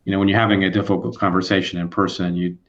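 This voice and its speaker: A man hosting a casual video interview, asking questions in a halting way with many restarts and fillers. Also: deep voice, little pitch movement, highs cut off. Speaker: host.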